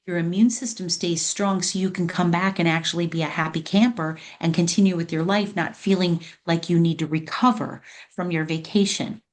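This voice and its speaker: A middle-aged woman, a product specialist, presenting wellness tips in a live online talk, speaking warmly and emotionally straight to her listeners. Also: on the low side, steady tone, normal speed.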